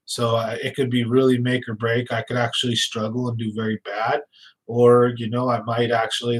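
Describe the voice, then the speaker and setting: A man's voice: mid-range voice, rough recording. A man hosting a fishing channel, chatting casually and telling stories in a loose, rambling way with fillers, restarts and a slight lisp. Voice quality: slight lisp, sometimes gets stuck on words.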